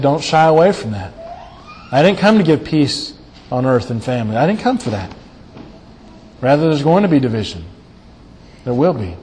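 A man preaching a sermon and working verse by verse through scripture. He speaks earnestly and drops to a quiet voice when he wants to stress a point. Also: fairly high pitch, a little hiss or hum. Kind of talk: sermon, Bible exposition. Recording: long hall reverb.

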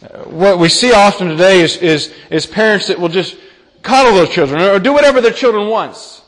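Man, young, pastor, sermon, high voice, earnest, repeats key lines, church hall reverb. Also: lively intonation, fairly quick. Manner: earnest preaching, repeats key phrases, poses questions to the congregation.

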